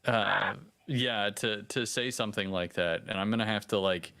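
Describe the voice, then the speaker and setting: A man who is a guest on a podcast, telling family stories in casual chat, halting with restarts and dry humor. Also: on the low side, pushed and bright, clear, resonant tone.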